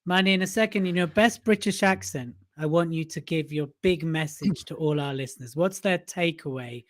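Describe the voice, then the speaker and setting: A man's voice: fairly high pitch, normal speed. A man hosting a podcast, upbeat and hearty in casual chat. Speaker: podcast host.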